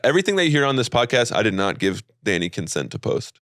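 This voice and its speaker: A man's voice: lowish voice, very animated, fairly bright tone, no echo, clean studio sound. A man co-hosting a podcast in casual chat, joking and mocking himself. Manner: fast, joking, self-mocking. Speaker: podcast co-host.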